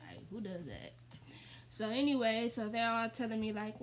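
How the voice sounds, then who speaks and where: A woman in her twenties tells a personal story to her viewers in a loose, rambling way, leaning on fillers and y'all. Her voice sits a bit high, and a faint hum runs underneath. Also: normal speed. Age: 20s. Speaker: vlogger. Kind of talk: casual storytime.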